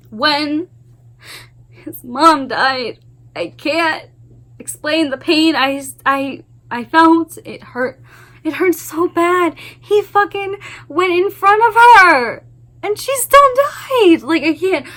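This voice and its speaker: A woman's voice: high voice, a bit bright. A woman book vlogger giving a gushing, emphatic spoiler review of a novel series, swearing often and repeating her exclamations.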